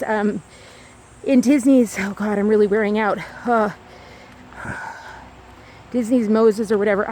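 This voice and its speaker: High-voiced woman rambling on a walk. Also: darkish tone. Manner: rambling, loose, full of fillers and restarts. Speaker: vlogger. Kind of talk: rambling walking vlog. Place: outdoors on a walking trail.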